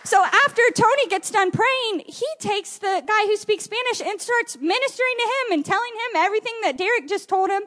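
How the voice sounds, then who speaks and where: Young woman, really high voice, excited church testimony, lots of fillers. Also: brisk, hardly any pauses. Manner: animated storytelling with many fillers. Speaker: church member giving testimony.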